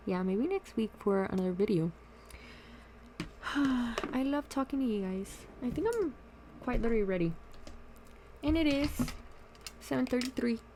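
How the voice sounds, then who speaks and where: Doing her makeup at home, a young woman vents animatedly about her work friends in a get-ready-with-me storytime. Her voice is mid-range, and the recording carries a slight hiss or hum.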